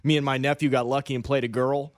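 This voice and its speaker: A man's voice: mid-range voice, level tone, fast, no room sound, clean studio sound. A man from the northern United States co-hosting a casual sports podcast, brash and jokey. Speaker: podcast co-host.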